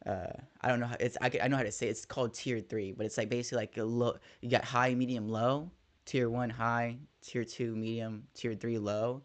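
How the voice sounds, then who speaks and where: A man's voice: medium pitch, brisk. A young man, a first-grade teacher, telling a story in casual podcast chat and dropping slang. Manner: animated storytelling with slang like "dog".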